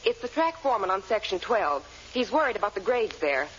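An actress playing an earnest, fussing secretary and doting wife, in 1940s radio comedy style. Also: female voice, mid-range voice, very animated, a little fast, lightly acted. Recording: dull old radio broadcast with heavy noise.

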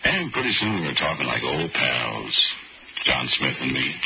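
A man's voice: a bass voice, very animated, moderate pace, creaky, very noisy. A man narrating a radio drama in a wry, folksy storytelling manner. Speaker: narrator and lead character. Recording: old radio recording with loud music.

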